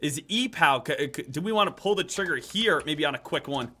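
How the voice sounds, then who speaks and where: A man's voice: fairly high pitch, animated, brisk, bright, forceful tone. A man hosting a live stock trading stream, chatting casually and repeating each ticker call over and over. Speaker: stock trading livestream host.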